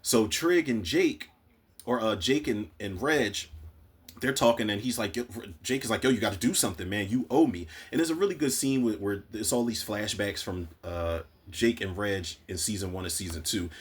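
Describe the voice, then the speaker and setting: A man's voice: lowish voice, animated, moderate pace, slightly rough. A man giving a casual, profane spoiler recap of a TV episode, acting out the characters' lines as he goes. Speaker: TV recap podcaster.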